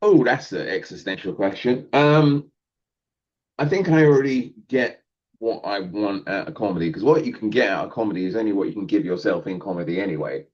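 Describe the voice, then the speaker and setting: A man's voice: fairly low pitch, expressive, fairly quick, a little mellow, dull audio. A male comedian talking casually in a podcast interview, rambling and self-deprecating, laughing often. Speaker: guest comedian.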